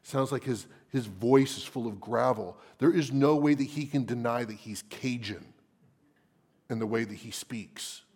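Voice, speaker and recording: Slow, dramatic male preacher. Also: medium pitch, husky. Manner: dramatic, drops into hushed whispers for emphasis. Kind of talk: sermon.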